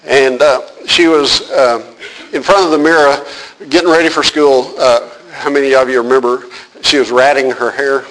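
A man's voice: mid-range voice, fairly even intonation, moderate pace, fairly bright tone, low-quality recording. A man preaching a sermon as a pastor, talking conversationally with fillers and asking the congregation questions.

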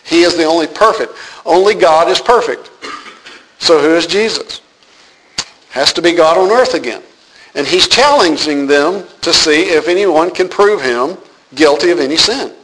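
A man's voice: on the high side, lively intonation, normal speed, a bit bright, slight background noise, poor audio. A man teaching a Bible passage, reading verses aloud and explaining them with humor and rhetorical questions.

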